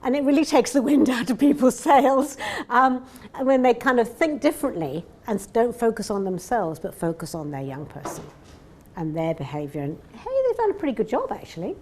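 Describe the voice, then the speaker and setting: A woman's voice: on the high side, big pitch swings, a little fast, a little mellow. A woman giving a conversational seminar talk, chatty and anecdotal, often acting out little dialogues. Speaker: seminar presenter. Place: seminar room.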